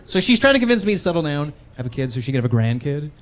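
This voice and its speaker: A young man from Canada performing a stand-up set in a comedy club, talking in an animated way and jumping into acted-out voices. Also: on the high side, rapid-fire. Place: comedy club stage with a laughing crowd.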